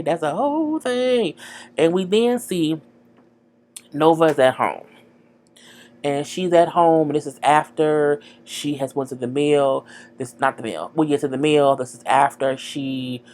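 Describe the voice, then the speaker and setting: Low-voiced woman chatting frankly. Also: darkish tone. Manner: chatty and frank, lots of "girl" and "you know". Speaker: TV show recapper. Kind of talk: casual episode recap.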